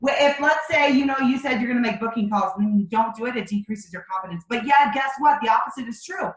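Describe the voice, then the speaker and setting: High-pitched woman, direct and emphatic, coaching a sales team over a video call in an echoey room. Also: fast. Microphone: video call microphone.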